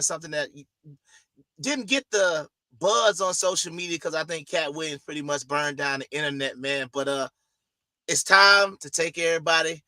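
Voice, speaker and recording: A man's voice: on the high side, bright, forceful tone, dry recording. A man co-hosting a casual podcast, talking loosely in slang and riffing with his co-host.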